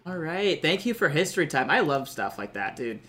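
Man, podcast co-host, casual chat, sarcastic jokes, bright voice. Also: a little high, very animated, a little fast. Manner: joking, sarcastic asides. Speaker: podcast co-host, news segment.

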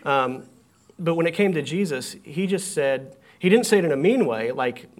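Halting white man thinking aloud. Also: fairly high pitch, expressive. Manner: halting, repeats words while thinking aloud. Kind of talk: casual conversation in a living room. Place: living room.

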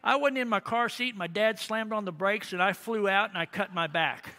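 A man voicing a chatty four-year-old boy who excitedly brags about a minor mishap. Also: high-pitched, normal speed. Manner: excited, attention-seeking.

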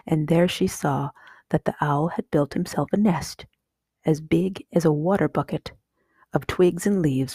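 Woman storyteller, low voice, gravelly, soft whispered storybook reading, dry close sound. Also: no room sound. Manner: slow and hushed.

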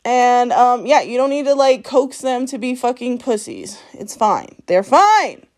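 Woman, podcast host, solo rant, blunt and profane, scolding tone, fairly high voice. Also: very animated, unhurried, darkish tone. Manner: blunt, profane, scolding, laughs between lines.

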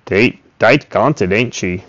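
A man's voice: on the low side, slow, fairly bright tone, dry recording. A man voicing a shrewd old grandfather farmer who speaks tersely in dry, understated rural speech. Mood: sly, low. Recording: dull, dry recording.

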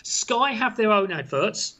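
A man's voice: high-pitched, expressive, a little slow, pushed and bright. A man with a British accent, chatting casually as a guest on a sports talk show. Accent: British English. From England. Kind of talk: casual chat.

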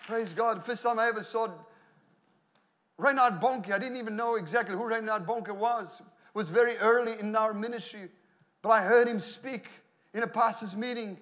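A middle-aged man with an Australian accent, preaching a sermon in an animated storytelling way, laughing and shouting hallelujahs. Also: sits high, normal speed. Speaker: pastor.

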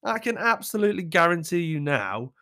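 A man's voice: a little high, very animated, brisk, pushed and bright. A man, reading advice letters aloud and reacting in blunt, casual commentary, swearing freely as he talks.

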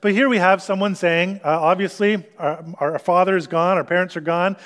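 A man with a notably high speaking voice delivers a sermon as a pastor. He explains scripture earnestly, working through it step by step with pauses and small restarts. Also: fairly even intonation, a bit bright.

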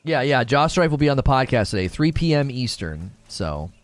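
Male streamer, casual chat, self-mocking, lively swings in pitch. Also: moderate pace, no echo, faint music behind. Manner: chatty, self-mocking, restarts often. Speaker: game streamer. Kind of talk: casual livestream chat while playing.

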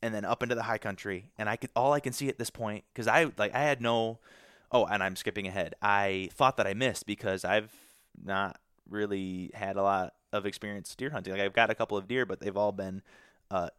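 A young man tells a hunting story in a loose, rambling way, circling back with fillers and restarts. His voice sits a little low, and the sound is dry and close, as if recorded on a podcast mic in a small quiet room. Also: steady tone, a little fast, smooth, no room sound. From Michigan. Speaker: guest telling a hunting story. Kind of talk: casual storytelling.

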